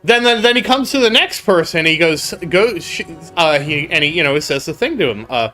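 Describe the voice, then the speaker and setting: A man's voice: fairly high pitch, expressive, a little fast, few pauses, sharp tone, faint music behind. A man hosting a gaming channel, chatting casually over gameplay as a rambling storyteller who laughs often and repeats himself.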